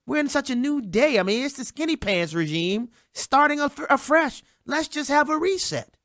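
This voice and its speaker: Animated sarcastic commentary host. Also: high-pitched, normal speed, dry recording, clean studio sound. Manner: sarcastic, mocking, talks straight to listeners. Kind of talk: animated political commentary monologue.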